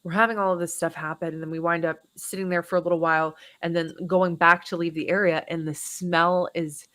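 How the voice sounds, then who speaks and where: A woman guesting on a podcast, with a bright, clear tone set a little low. She speaks casually and chattily, pausing on um and like as she recounts her research. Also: level tone. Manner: conversational, with frequent um and like. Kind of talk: casual interview.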